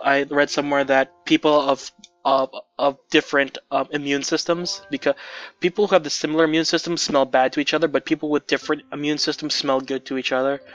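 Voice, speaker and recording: A young man hosting a visual novel let's play, reading aloud and rambling excitedly with many restarts. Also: mid-range voice, highs cut off.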